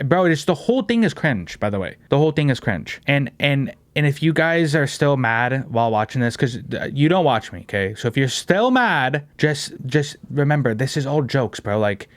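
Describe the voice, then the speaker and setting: A man's voice: medium pitch, no echo. A man hosting a casual podcast, brash and joking, swearing and saying "bro" and "dude" a lot. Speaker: podcast host.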